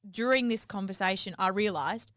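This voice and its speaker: A woman's voice: medium pitch, moderate pace, fairly bright tone, dry recording, clean studio sound. A young woman, co-hosting a podcast and telling a story in casual chat, swearing freely and acting out quotes. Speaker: podcast co-host.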